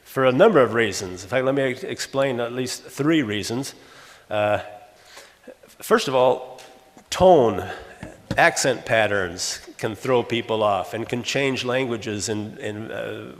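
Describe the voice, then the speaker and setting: A man's voice: medium pitch, slow pace. An older man from Los Angeles giving an academic conference lecture, explaining by example and often correcting himself mid-sentence. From Los Angeles, USA. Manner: explanatory, works through examples, frequent self-corrections. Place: conference hall. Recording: long reverb of a conference hall.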